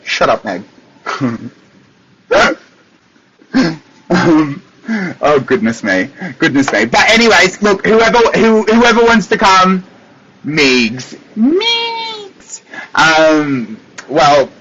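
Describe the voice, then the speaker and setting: An Australian man, a psychic medium, chatting casually with viewers on a livestream from his desk, animated and laughing often. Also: a little high, slow pace, pauses often, a little hiss or hum. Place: at a desk at home. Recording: dull lo-fi livestream audio.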